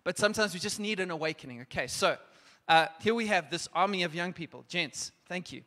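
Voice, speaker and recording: A man preaching a sermon and leading an altar call, urgent and exhorting, at times dropping to a hushed, prayerful tone. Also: high voice, lively intonation, brisk. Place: church hall. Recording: long church hall reverb.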